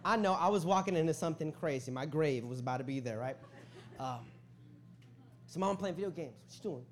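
With a fairly high, expressive voice that runs a little fast, a young man from a US Hispanic family delivers a sermon in a church sanctuary. He prays, tells casual slang-filled stories, cracks jokes, and calls out to the crowd like a hype man.

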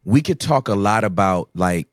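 A man talking as a podcast guest, telling emphatic, animated stories in casual conversation. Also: lowish voice, normal speed, no echo, studio quality.

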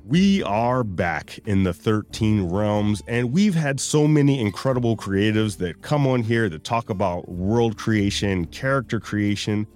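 A man's voice: fairly low pitch, expressive, unhurried, hardly any pauses, a little mellow, soft background music. A man hosting an interview podcast, casual and enthusiastic. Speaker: podcast host.

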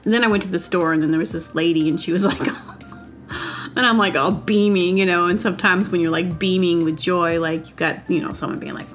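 A woman's voice: lowish voice, steady tone, a little fast, a bit bright. A woman telling a rambling personal story in a casual solo vlog, upbeat and giggly, with lots of "like" fillers. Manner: rambling, chatty, full of "like" fillers.

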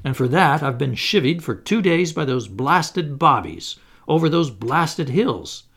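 A man voicing a surly, hungry male vagrant who talks rough and whines for food, with a gravelly voice. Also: on the high side, very animated, a little slow, a bit bright, heavily acted. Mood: exasperated. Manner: rough, whining, pleading.

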